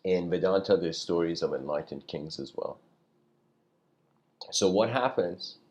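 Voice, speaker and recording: A man giving a casual spiritual lecture, telling a story in a loose, rambling way and often clearing his throat. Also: deep voice, animated, unhurried, a little mellow, lo-fi sound.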